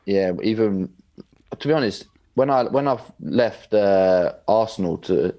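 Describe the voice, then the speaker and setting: Low-voiced relaxed young man. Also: a little slow, muffled recording. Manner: relaxed, rambling, lots of "like". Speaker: podcast guest, footballer. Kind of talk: casual interview chat.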